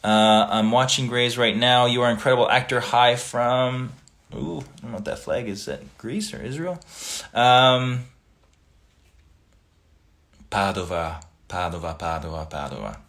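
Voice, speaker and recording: A man hosting a casual livestream, reading viewer comments aloud and chatting back in a relaxed, friendly way. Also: mid-range voice, normal speed. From Italian family background.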